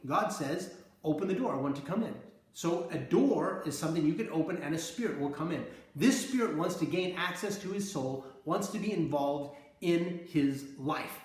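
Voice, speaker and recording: A man earnestly retelling and interpreting his dreams in a conversational way, acting out the scenes as he goes. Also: a little high. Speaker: preacher recounting visions. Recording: very echoey room.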